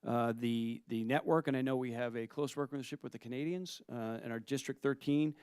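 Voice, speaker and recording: A Coast Guard officer testifies at a hearing in a mid-pitched voice that is crisp and smooth. He is formal and deferential. The sound is close and dry. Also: fairly quick, darkish tone, dry recording. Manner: formal and deferential, says "sir". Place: hearing room.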